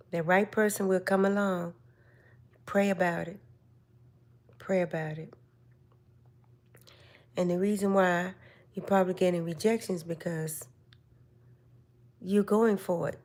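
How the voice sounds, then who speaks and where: Older woman, live stream host; unhurried, lowish, gentle and motherly. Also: fairly even intonation. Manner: slow, gentle, motherly advice. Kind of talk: casual live stream chat.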